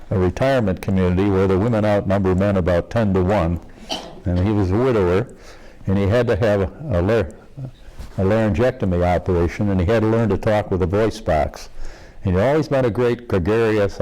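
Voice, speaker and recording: A man's voice: lowish voice, dark tone, poor audio. An older man telling jokes in an interview, folksy and laughing at his own punchlines.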